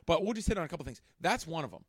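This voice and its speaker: Man, podcast co-host, lively swooping pitch, dry close sound, casual chat with fillers. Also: rapid-fire, no room sound. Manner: animated, swears freely, many fillers.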